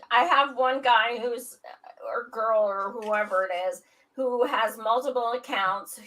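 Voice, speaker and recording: A woman's voice: a little high, pushed and bright, rough recording. A blunt woman who swears freely and speaks emphatically in a casual panel chat. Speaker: podcast guest.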